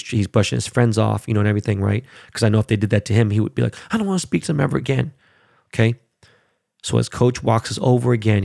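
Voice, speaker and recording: Gravelly dad in his 30s ranting to the camera, swears a lot, dry close sound. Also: on the low side, dark tone, dry recording. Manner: heated, swears, repeats himself. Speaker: father telling a story. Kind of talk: casual monologue to viewers.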